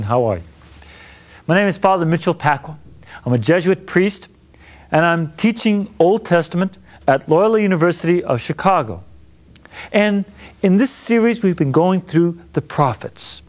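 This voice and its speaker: A man, a priest, teaching the Old Testament in a lively lecture, acting out the speakers in the story. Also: high voice. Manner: animated, acts out biblical speakers in casual voices. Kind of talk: lecture on scripture.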